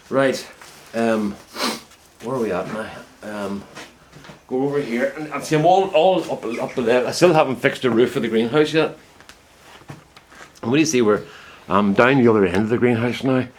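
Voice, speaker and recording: A man's voice: medium pitch, moderate pace, long pauses. A middle-aged man rambles to his camera from inside a greenhouse, drifting from one reflective thought to the next in an easy, chatty way. His voice sits in a middling range, and a light background hiss runs under his words. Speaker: home potato grower vlogger. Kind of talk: casual talk to camera.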